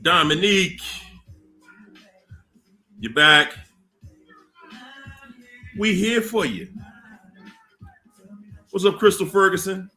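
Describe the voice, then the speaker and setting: Unhurried man greeting his livestream chat. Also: high-pitched, animated, soft background music. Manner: slow, drawn-out shout-outs with laughs. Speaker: livestream host.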